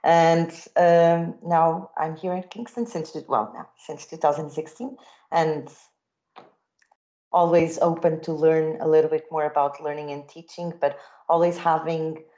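Woman educator, thoughtful, measured, very low pitch, mellow tone. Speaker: educator, guest. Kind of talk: interview answer.

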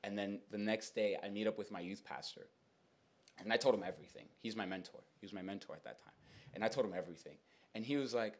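A young man hosting a podcast, telling a story in casual chat, animated and rambling with lots of fillers and repeats. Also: on the low side, fast. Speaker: podcast host.

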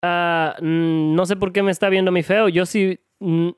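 A young adult man with a Mexican Spanish accent, a guest in casual chat, talking in rapid slang and switching between Spanish and English. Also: sits high, fairly even intonation, clean tone, no room sound, studio quality.

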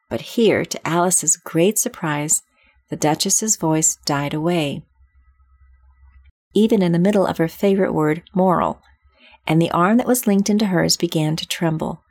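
Brief: woman narrator, measured storybook reading, dry sound. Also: on the low side, a little mellow, dry recording.

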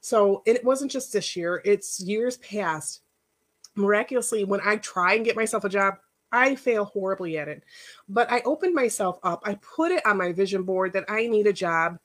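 A woman's voice: medium pitch, animated, moderate pace. A middle-aged woman, a life coach, giving a casual workshop talk in a chatty, personal storytelling way with rambling asides.

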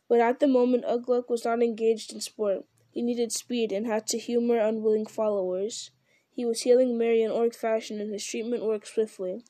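A woman reads a fantasy story aloud in a steady, measured manner. Her voice is a little high yet mellow. The recording is close and dry. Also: dry recording. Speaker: audiobook reader. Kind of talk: storybook narration.

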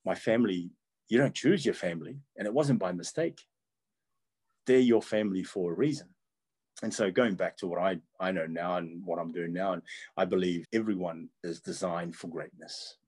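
A middle-aged man from Tonga speaks. His voice is low and husky. He tells his life story in an earnest, animated way and chuckles as he remembers. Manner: earnest, animated, chuckles often while recalling. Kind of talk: reflective personal storytelling.

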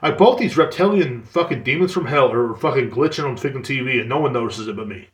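A man's voice: medium pitch, expressive, quick pace. A young man hosting a podcast, ranting sarcastically and swearing often. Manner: swearing, sarcastic, mocks others in put-on voices. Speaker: podcast host. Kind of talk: casual ranting monologue. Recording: echoey room.

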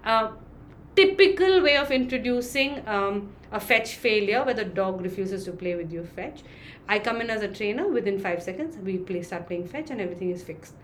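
Brief: woman, dog trainer in an interview, mid-pitched, chatty with filler words, faint rumble behind. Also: animated, moderate pace. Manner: explains with acted-out examples, many fillers. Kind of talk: interview answer, explaining.

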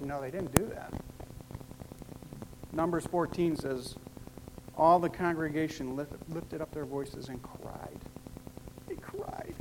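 A pastor preaching a sermon, emphatic and repetitive, with wide swings in pitch and loudness. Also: animated, slow, pauses often. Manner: emphatic, repeats key phrases, big swings in pitch and loudness. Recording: long hall reverb with faint noise.

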